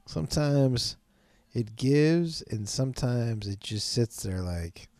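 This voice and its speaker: Man, podcast host, mellow dark voice, dry close sound, loose profane rambling. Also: medium pitch, unhurried, gravelly, no room sound. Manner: rambling, profane, self-mocking with bursts of laughter. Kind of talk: casual late-night podcast rambling.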